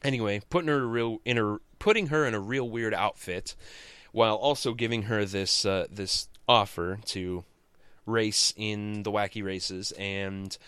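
A man's voice: lowish voice, measured pace, fairly bright tone, clear, resonant tone, no echo. A man hosting a comics podcast, giving a casual, rambling and jokey recap that often interrupts itself.

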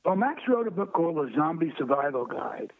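An older man, a lively raconteur guesting on an interview who acts out voices in his stories. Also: a little high, fairly quick, no echo. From Brooklyn, New York. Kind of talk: anecdotal storytelling. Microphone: phone. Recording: tinny dry phone line.

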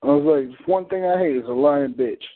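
A man's voice: a little high, normal speed. A man on a community call, telling a story in a blunt, heated, profane way. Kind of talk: casual storytelling. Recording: phone-like call audio.

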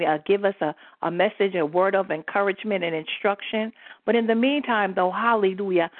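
A woman's voice: medium pitch, dry recording. A woman apostle leading a prayer call, preaching fervently and peppering her talk with hallelujahs. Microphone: phone line. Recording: tinny dry phone line.

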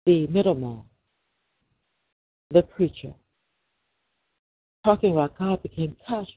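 A man's voice: a little high, lively intonation, a little slow, breathy edge, no room sound. A middle-aged man, a podcast host, giving a preachy religious monologue full of rhetorical questions. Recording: dry, tinny phone-line sound.

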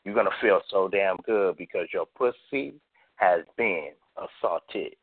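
A man's voice: low voice, a little slow. A man from the US West Coast, a guest poet reciting a boastful spoken-word piece in a rhythmic delivery. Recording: tinny phone line.

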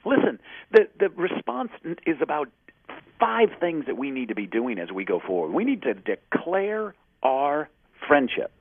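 A man's voice: fairly high pitch, sing-song, moderate pace, dry recording. A man speaking as an interview guest, passionate and emphatic, acting out the lines of people in his stories. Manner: passionate, emphatic, acts out quoted dialogue. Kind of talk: energetic motivational interview talk. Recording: husky voice over a tinny phone-like line.

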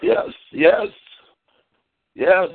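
A man's voice: high voice, wildly swooping pitch, very slow, gravelly, slightly rough, no echo. A man hosting a casual talk show, ranting profanely and venting. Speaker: podcast host. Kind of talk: casual chat. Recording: tinny phone line.

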